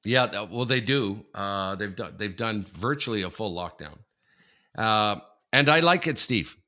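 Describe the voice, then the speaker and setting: A man's voice: lowish voice, unhurried. A man from Canada co-hosting a casual chat show, telling anecdotes with lots of laughter. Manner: animated storyteller, laughs through anecdotes. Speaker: podcast co-host.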